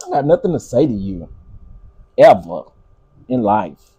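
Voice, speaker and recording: Husky, lively-voiced middle-aged man ranting. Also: lowish voice, unhurried. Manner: exasperated, ranting, talks back to chat. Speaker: livestream commentary host. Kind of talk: casual live commentary.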